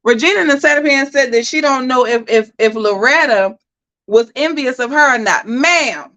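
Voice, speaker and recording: A woman hosting a livestream, giving animated, emphatic commentary and talking straight to her chat. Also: sits high, normal speed, low-quality recording. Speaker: host.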